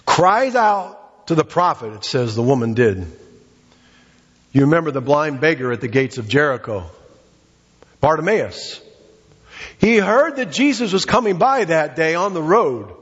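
A middle-aged man preaches a sermon with a lively, rising and falling delivery. His voice is slightly husky and sits fairly high. The recording is muffled and carries a long hall reverb. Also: a little slow, pauses often. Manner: emphatic preaching that rises high on exhortations and drops low for asides. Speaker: pastor.

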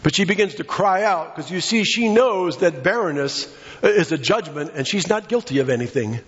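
Male preacher, passionate sermon delivery, slightly high pitch, dull lo-fi recording. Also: expressive, normal speed, fairly bright tone. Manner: impassioned, acts out quoted voices.

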